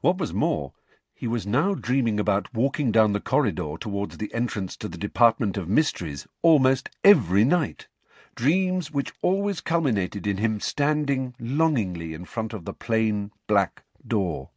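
A man reading a novel aloud as an audiobook narrator, expressive and storytelling. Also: fairly low pitch, moderate pace, breathy edge, dry recording. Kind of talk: scripted narration.

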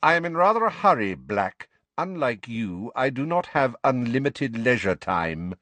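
A man voicing a cold, sneering male teacher who speaks silkily, slowly and softly, in a dry, close recording. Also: medium pitch, very animated, dry recording, voice pushed up. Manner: silky, sneering, slow and soft.

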